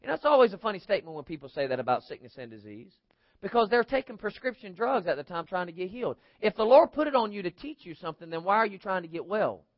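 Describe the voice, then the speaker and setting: A man's voice: high-pitched, very animated, fast, dry recording, highs cut off. A man preaching a sermon in an emphatic, conversational way, asking the congregation rhetorical questions. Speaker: pastor.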